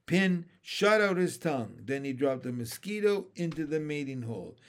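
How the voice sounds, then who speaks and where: A man reading a children's storybook aloud in a lively, unhurried way. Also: fairly high pitch. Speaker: reader.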